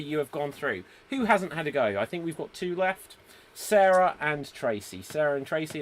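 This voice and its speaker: A man hosting a live online improv show, reading viewer comments and setting up scenes. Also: mid-range voice. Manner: easygoing, reads out viewer comments, sets up scenes. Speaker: host.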